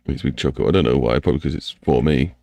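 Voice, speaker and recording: A man's voice: rumbling low, fast, creaky, dark tone, dry recording. A man with an English accent chatting casually on a live stream while he builds a game map, rambling and talking to himself and to chat.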